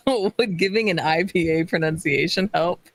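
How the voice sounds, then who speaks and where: A woman's voice: on the low side, moderate pace, no room sound. A woman co-streaming a game, teasing her husband in a giggly, joking way. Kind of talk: casual gameplay stream chat.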